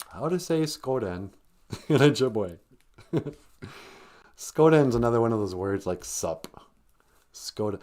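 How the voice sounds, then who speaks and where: A man's voice: lowish voice, takes it slowly, pauses often, darkish tone. A man hosting a joking live stream, teasing and laughing, slipping into a grumpy old-man voice for his jokes. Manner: playful, breaks into song and laughter, mock-elder scolding. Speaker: host of a live stream on Ojibwe language.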